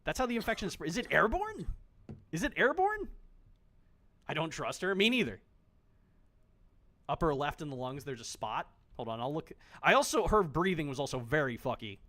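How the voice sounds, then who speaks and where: A male game streamer with a slightly high voice that swings widely in pitch. He jokes around, swears freely and talks straight to the characters on screen in a loose, casual way. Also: sing-song, fairly quick, pushed and bright. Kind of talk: casual gameplay commentary.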